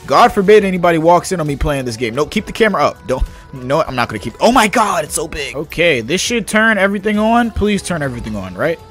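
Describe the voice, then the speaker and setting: A young man talking over his gameplay in a high, bouncy voice that leaps all over the place. His tone is bright and sharp, with faint music playing behind him. He is excitable and slangy, firing off exclamations at the screen. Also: fast talker. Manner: excitable, slangy, yelps and shouts at the game. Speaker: gaming YouTuber. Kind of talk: casual gameplay commentary.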